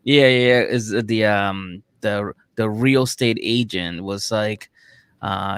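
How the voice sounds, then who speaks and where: A man's voice: lowish voice, a little slow, clean tone, no echo. A man co-hosting a casual comedy podcast, telling stories and acting out quotes with loose swearing. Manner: animated storyteller, acts out quotes, swears. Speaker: podcast co-host.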